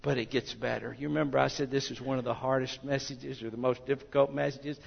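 A man preaching a sermon, swinging from loud declaring to hushed near-whispers. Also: mid-range voice, steady tone, fast talker, gravelly, slightly rough, big-room sound, highs cut off.

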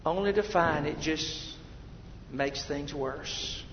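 A man preaching a sermon as pastor, swinging between loud, emphatic reading and quiet, intimate asides to his listeners. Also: on the high side, slow. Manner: addresses listeners as beloved. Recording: long hall reverb, dull lo-fi sound.

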